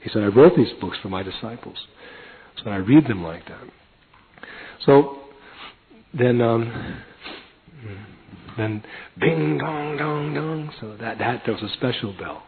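Man, heartfelt storytelling sermon, low voice, narrow tinny audio. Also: unhurried, pauses often, husky. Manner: heartfelt, earnest, often drops to a near whisper. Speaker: devotee telling a personal story.

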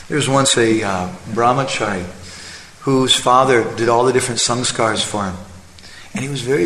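A man preaches in a conversational way and keeps checking in with his listeners. His voice sits at a middle pitch. It carries a strong echo in a large hall with a long tail, over faint ambience. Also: fairly bright tone, a little hiss or hum. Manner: conversational, checks in with the audience using "huh?". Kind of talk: sermon with storytelling.

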